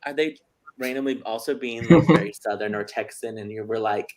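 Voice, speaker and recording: A man's voice: mid-range voice, normal speed. A man hosting a casual chat interview, joking and chatty with plenty of fillers. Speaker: host.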